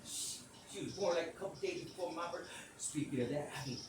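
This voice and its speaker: A middle-aged man hosting a podcast, telling a long story in a loose, slangy way with plenty of cursing and acting out quotes in a high voice. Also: brisk, far from the mic. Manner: animated, acts out quotes in a high voice. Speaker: podcast host. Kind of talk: casual storytelling monologue. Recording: echoey room, voice off-mic, audible noise.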